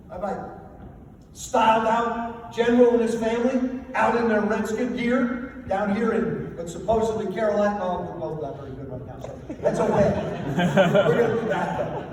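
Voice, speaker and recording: An older man giving a humorous motivational after-dinner speech, telling self-deprecating stories. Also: very high voice. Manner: anecdotal, self-deprecating storytelling. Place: banquet hall. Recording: echoey hall from far off, faint noise.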